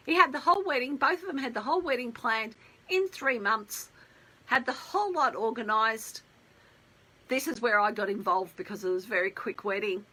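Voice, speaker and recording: Middle-aged woman storyteller, husky and bright, chatty and rambling, slightly high. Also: normal speed, poor audio. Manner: chatty, rambling with asides and restarts. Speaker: wedding planner. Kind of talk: casual storytelling.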